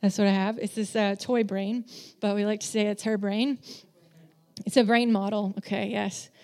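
With a mid-range voice at a moderate pace, a woman who works in children's ministry gives a conversational sermon. She is frank and self-deprecating, animatedly acting out the people she quotes.

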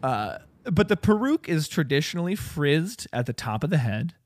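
A man's voice: fairly high pitch, sing-song, moderate pace, a little hiss or hum. A man co-hosting a casual comedy podcast, explaining a topic with jokes and lots of filler words. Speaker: podcast co-host presenting a topic.

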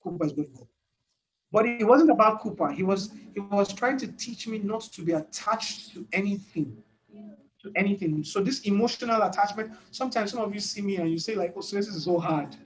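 Emphatic high-voiced male preacher. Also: brisk, rough recording. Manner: emphatic, repetitive, laughs between points. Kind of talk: sermon.

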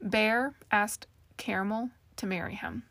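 A woman voicing a chatty, wry young fae sister who talks in a brisk, gossipy way. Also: mid-range voice, a bit bright, no echo.

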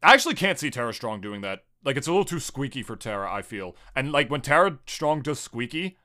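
A man's voice: medium pitch, sing-song, fast, sharp tone. A man co-hosting a casual podcast chat, talking in a rambling, jokey way and swearing freely. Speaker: podcast co-host.

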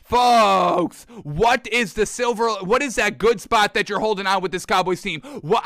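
A man rants through a sports talk segment in a high, bright voice. He sounds exasperated and keeps calling his listeners folks. His voice is smooth and clear on a dry, close mic. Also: no echo. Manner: exasperated, ranting, mocking voices in quotes. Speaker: sports talk show host. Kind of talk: opinionated sports rant.

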